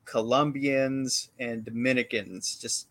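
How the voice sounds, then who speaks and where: A man's voice: mid-range voice, steady tone, slow pace, a bit bright. A man co-hosting a podcast, giving a rambling, laid-back movie recap in casual chat. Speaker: podcast co-host.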